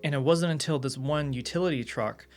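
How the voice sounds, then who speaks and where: A man's voice: on the high side, brisk, a little mellow, soft background music. A man streaming, telling a long story in casual chat, restarting his sentences and swearing as he goes. He rambles along in a loose, offhand way.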